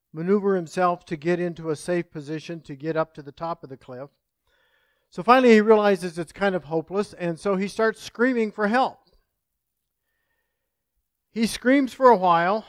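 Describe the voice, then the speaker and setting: A man's voice: sits high, no echo, studio quality. A male pastor preaching a sermon, praying and telling a folksy story in an earnest manner.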